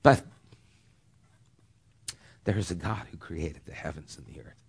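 A middle-aged man preaching a sermon, earnest, rising to loud emphasis and dropping to hushed near-whispers. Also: low-pitched, animated, unhurried, creaky, slightly rough. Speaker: pastor.

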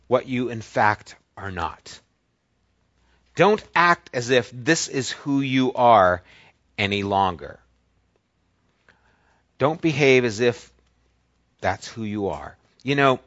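A man preaching a sermon, teaching through a passage and stressing key words with drawn-out pauses. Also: medium pitch, fairly bright tone, no room sound. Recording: dull lo-fi dry recording.

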